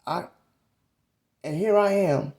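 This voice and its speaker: A man in his thirties telling a personal story about his mother in a reflective, halting, casual way. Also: sits high, darkish tone. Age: 30s.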